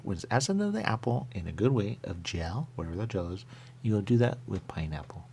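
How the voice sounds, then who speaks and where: A man's voice: on the low side, very animated, brisk, darkish tone, a little hiss or hum. A man hosting a radio show, rambling playfully in casual chat while tasting pastries. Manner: rambling, playful, jumps between thoughts.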